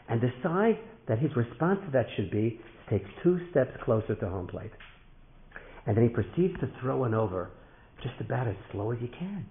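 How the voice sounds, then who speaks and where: A man telling a story in a sermon, dramatic and animated, sometimes rising to a shout. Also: mid-range voice, a little fast. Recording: thin phone-like sound in an echoey hall.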